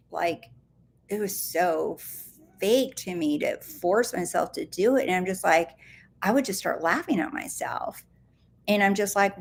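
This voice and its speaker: A woman's voice: medium pitch, animated, slow, vocal fry, a little hiss or hum. Emphatic woman coaching on a live stream. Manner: emphatic, playful, repeats words for effect. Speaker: manifestation coach.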